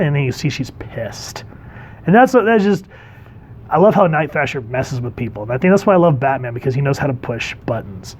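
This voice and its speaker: A man casually reviewing a comic book, animated and acting out the characters' lines in quick voices. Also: on the high side, slight background noise.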